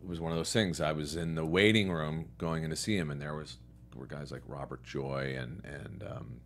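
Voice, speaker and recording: A man's voice: very deep voice, moderate pace. A man from New York and Connecticut, a guest actor telling stories in a casual interview chat. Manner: relaxed storyteller, quoting others in his own voice.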